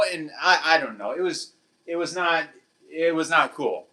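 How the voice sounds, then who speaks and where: A man with a bright, forceful voice pitched a little above the usual chats with his viewers on a livestream. He laughs often and slips into now and then. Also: lively intonation, normal speed. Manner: chatty, laughs often, switches between English and Portuguese. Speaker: livestream host. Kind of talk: casual chat with live chat.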